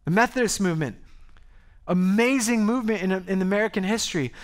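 A male pastor preaching to his congregation in a loose, conversational style. He grows animated and often cuts himself off to restart a thought. His voice sits high for a man. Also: fairly quick. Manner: conversational, animated, self-interrupting. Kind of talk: sermon. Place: church service before a congregation.

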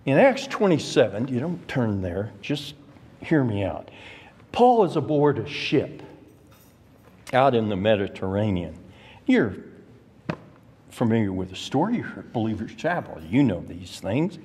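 A man's voice: fairly low pitch, big pitch swings, unhurried, long pauses, darkish tone, husky. A man teaching an adult Sunday school class in a church. He stresses key words and puts questions straight to the class. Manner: emphatic, rises sharply on key words; addresses the class directly with questions. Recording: long reverb of a church hall.

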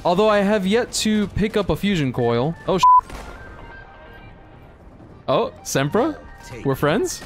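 A young man giving excitable, laugh-filled commentary while playing a shooter game. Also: on the high side, measured pace, long pauses. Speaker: gaming YouTuber. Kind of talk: casual gameplay commentary. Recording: music heard behind. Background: game music and gunfire.

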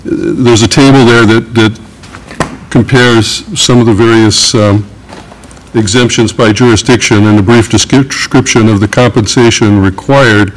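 A male councilmember asking questions at a meeting, halting and full of fillers as he reads from a report. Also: mid-range voice, steady tone, slight background noise, rough recording. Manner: hesitant, many fillers and restarts while reading.

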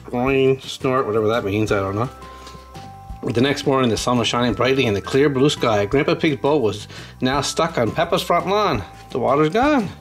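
A man's voice: mid-range voice, moderate pace, faint music behind. A man casually unboxing toys and reading a children's storybook aloud, chatting to young viewers as he goes. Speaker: channel host.

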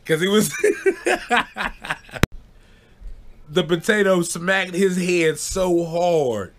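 A young man telling a childhood story in a relaxed, rambling vlog style, often checking in with "you know what I'm saying" and breaking into laughter. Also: high-pitched, slow pace, background noise. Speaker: vlogger. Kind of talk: casual storytelling.

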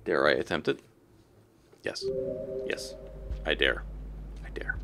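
Streaming live gameplay against a noisy background, a man with a very deep voice talks slowly to his viewers and to the creatures on screen. He's excitable, yelping and cursing whenever things go wrong.

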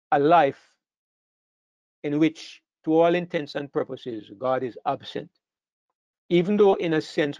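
A man delivers a sermon in a fairly high voice, pushing his pitch and volume up hard whenever he drives a point home and stumbling through restarts along the way. The recording is dry and close, with a dull, muffled tone. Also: no room sound. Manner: emphatic, rising sharply in pitch and volume on key phrases, with frequent restarts. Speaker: preacher.

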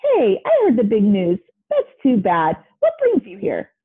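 A woman voicing a big, jovial male planet who booms his lines in a storybook. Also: huge pitch swings, measured pace, slightly rough, phone-quality sound, exaggerated voice. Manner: booming.

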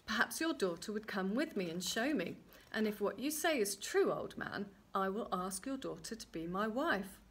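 A woman's voice: medium pitch, expressive, moderate pace, a bit bright. A woman playing a grand young king. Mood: assured.

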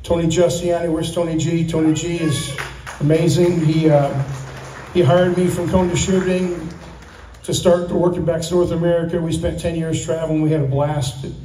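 A man in his sixties gives a casual farewell speech at his retirement, rambling through anecdotes, thanking people and chuckling often. His slightly high, mellow voice has a flat delivery at normal speed. The mic picks him up from afar in an echoey room with a faint ambient hum.

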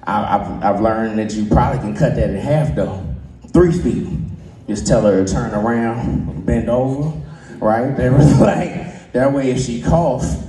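A man doing a stand-up comedy set on a club stage, loose and joking, with a slight lisp, slipping into quick voices. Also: medium pitch, mellow, echoey room, rough recording.

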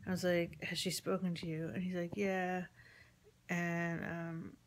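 A woman's voice: fairly low pitch, little pitch movement, measured pace, a little hiss or hum. Rambling woman recounting family drama. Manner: rambling, quotes conversations, frequent ums, drops to near-whisper. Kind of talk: casual personal storytelling. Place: at home with chickens nearby.

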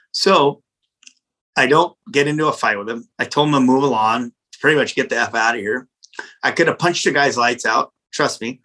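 A middle-aged man who owns a pizza restaurant recounts a story during a casual interview, blunt, lively, and profane. He speaks at medium pitch with a breathy edge, and the audio is poor.

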